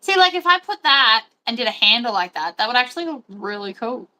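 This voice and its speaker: A woman's voice: on the high side, very animated, fairly quick, bright, forceful tone. A woman chatting casually and rambling while she sews. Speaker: sewing host. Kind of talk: casual chat while sewing.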